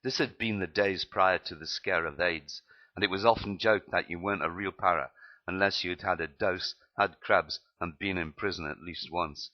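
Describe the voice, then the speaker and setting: A man's voice: low voice, normal speed, lo-fi sound. A man reading his memoir aloud, plainly and with some slips and restarts. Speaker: narrator.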